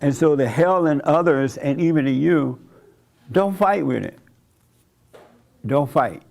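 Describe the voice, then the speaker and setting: A man delivers a sermon in a loose, talky way, stopping to chuckle and act out the voices of people he quotes. His voice sits a bit high for a man and carries a gravelly edge. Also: a little slow, darkish tone. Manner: conversational preaching, chuckling, acting out quoted voices. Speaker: pastor.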